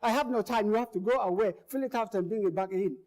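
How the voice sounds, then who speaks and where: A man's voice: high-pitched, fast talker, darkish tone, lightly acted. A man voicing an impatient, brusque female office clerk who dismisses questions curtly. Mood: dismissive. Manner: curt, dismissive, repeats refusals.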